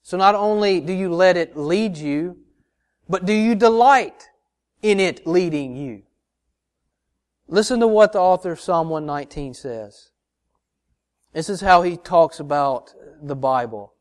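Pastor, male, fairly high voice, earnest sermon full of questions to the pews. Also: a little slow, long pauses. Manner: earnest preaching with repeated rhetorical questions to the congregation; addresses listeners as brothers and sisters.

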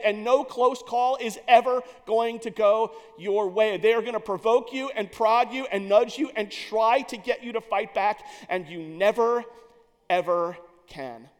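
Man doing stern older baseball executive, forceful, urgent, high voice, long hall echo.

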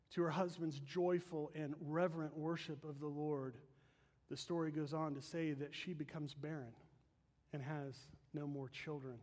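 A man delivers an earnest, emphatic sermon to his congregation, his voice sitting noticeably high. The sound rings out through a large church space with a long reverb tail. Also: a little mellow. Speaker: pastor. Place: church sanctuary.

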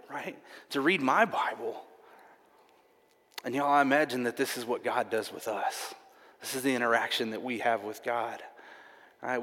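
A man's voice: medium pitch, a bit bright. A man preaching a sermon, telling a personal story earnestly and repeating himself often. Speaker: pastor. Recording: long reverb of a large hall.

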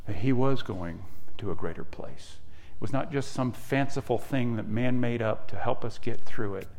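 A male pastor preaching a sermon earnestly, often repeating words as he thinks, and rising high and loud to stress a point. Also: creaky. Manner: repeats words while thinking, with soft asides.

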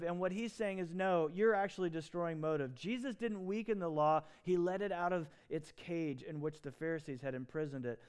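A man preaching with animated emphasis, his voice rising and falling widely. His tone is smooth and clear, a little higher than most men's. He throws in quick asides and restarts as he goes. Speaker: pastor. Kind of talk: sermon.

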